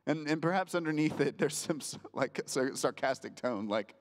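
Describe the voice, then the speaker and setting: A male pastor preaching a sermon in a conversational way, slowing down for emphasis and acting out quotes. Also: fairly high pitch. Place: church sanctuary. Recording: reverberant church hall.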